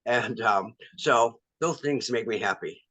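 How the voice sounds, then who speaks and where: A male actor as interview guest, talking candidly and pausing often with ums. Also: medium pitch, pushed and bright, no room sound, rough recording. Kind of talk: casual interview.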